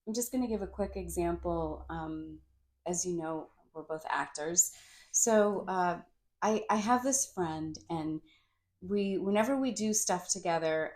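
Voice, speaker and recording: A woman's voice: fairly low pitch, measured pace, darkish tone. A woman life coach and actress, a guest on a podcast, talking in an earnest, motivational way. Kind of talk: podcast interview.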